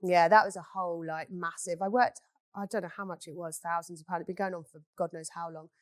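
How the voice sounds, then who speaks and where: A woman's voice: fairly low pitch, steady tone, quick pace, dry recording. A woman, a beauty business owner, telling stories in a candid chat and swearing freely. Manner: blunt, swears freely, storytelling.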